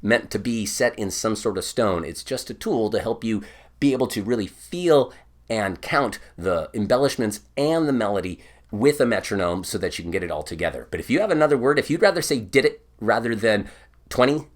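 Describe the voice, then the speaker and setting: A man's voice: fairly low pitch, expressive, a little fast. A man giving an online bagpipe lesson, patiently explaining each step and singing counts aloud. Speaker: bagpipe teacher.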